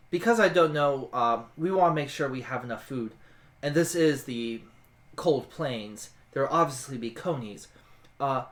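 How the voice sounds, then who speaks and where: A tabletop player voicing a bossy, pawed female adventurer who gives brisk orders and sings drinking songs. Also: mid-range voice, fairly bright tone. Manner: brisk commands, breaks into folk singing.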